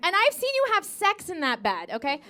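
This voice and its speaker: Very high-pitched and sharp, this American woman's voice swoops wildly as she does stand-up in a comedy club for a live audience. In her thirties, she fires off sassy asides peppered with "okay"s and slips into gushing put-on voices when quoting others.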